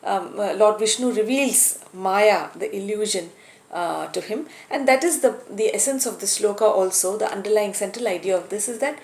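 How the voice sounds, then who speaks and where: A woman telling a story and explaining its lesson, animated and a little hesitant. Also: mid-range voice, moderate pace, reverberant. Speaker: storyteller and teacher.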